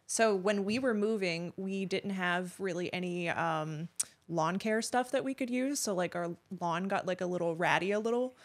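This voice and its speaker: A woman's voice: fairly low pitch, normal speed. A woman guest in a casual podcast chat, talking loosely with lots of "like" as she tells a story.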